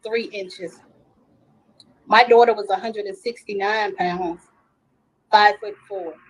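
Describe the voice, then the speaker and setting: A woman's voice: mid-range voice, breathy edge, rough recording. A middle-aged woman, a grieving mother, earnestly recounting details at length in a recorded interview.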